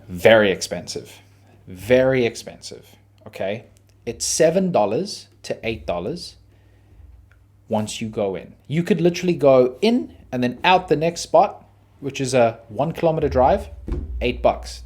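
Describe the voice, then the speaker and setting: A man's voice: mid-range voice, sing-song, moderate pace, warm tone, husky. A man, hosting a podcast and telling a story casually, acting out his own reactions and quotes. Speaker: podcast host.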